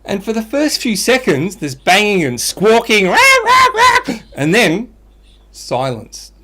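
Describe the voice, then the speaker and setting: A man co-hosting a podcast, telling a dad joke with animated storytelling. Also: sits high, measured pace. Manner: animated storytelling, laughs at own jokes. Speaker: podcast co-host.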